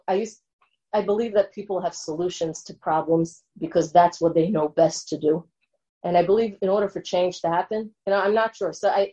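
A woman's voice: on the low side, mellow, dull audio. A woman lecturing and answering an audience question in an earnest way, often checking in with her listeners.

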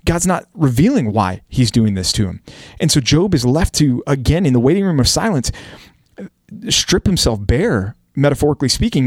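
An earnest man talking through scripture on a podcast, easygoing and conversational. His voice sits at an ordinary middle pitch and is recorded close and dry, with no room sound. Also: big pitch swings, moderate pace, husky, no room sound. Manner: earnest, conversational, acts out quotes. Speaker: podcast host teaching scripture. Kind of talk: casual Bible study discussion.

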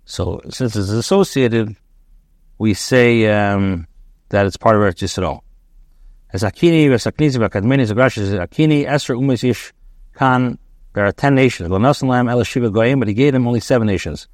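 A man teaching as a rabbi, reading a text phrase by phrase and translating it, pausing with ums and correcting himself. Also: medium pitch, a little mellow, no echo, clean studio sound. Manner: reads a phrase, then translates it, with frequent ums and self-corrections. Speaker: rabbi teaching a daily Torah class.

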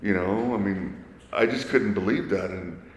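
Low-voiced man in his forties, echoey room. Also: slight background noise. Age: 40s. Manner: earnest, halting, many restarts. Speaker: guest. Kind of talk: candid personal storytelling in conversation.

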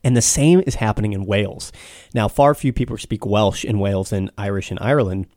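A man's voice: lowish voice, brisk, a little mellow, dry recording, studio quality. An American man explaining things patiently in a casual chat, with frequent restarts. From United States.

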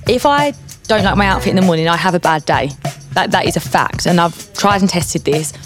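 A woman's voice: on the low side, brisk, over music. A woman, a guest in a casual podcast interview, talking frankly and emphatically. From Essex, England. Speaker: guest, managing director.

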